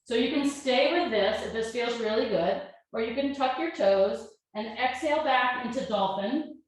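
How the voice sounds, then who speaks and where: A woman yoga teacher calmly talking a class through breaths and poses, with gentle step-by-step cues. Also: on the high side. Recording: very echoey room.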